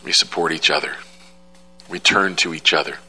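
A man's voice: low voice, fairly even intonation, normal speed, bright, forceful tone, slight background noise, low-quality recording. A middle-aged man preaching an emphatic sermon as pastor, repeating key phrases for effect.

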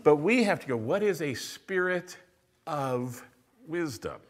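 A man's voice: fairly high pitch, lively intonation, takes it slowly. A man preaching a sermon to a congregation, asking rhetorical questions and answering them as he teaches. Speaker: pastor. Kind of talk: expository sermon.

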